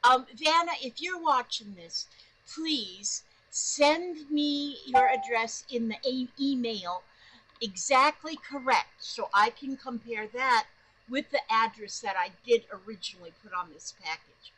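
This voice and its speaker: A woman from northern Minnesota chatting casually to camera from her home, excitable and rambling, often restarting her sentences. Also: fairly high pitch, a little slow, rough recording. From northern Minnesota, USA. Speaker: doll-making vlogger. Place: home in Florida.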